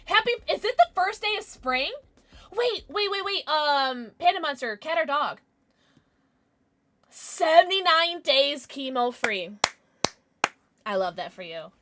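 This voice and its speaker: A woman live streamer chatting casually with her viewers, chatty and quick to swear. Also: sits high. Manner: chatty, lively, swears freely.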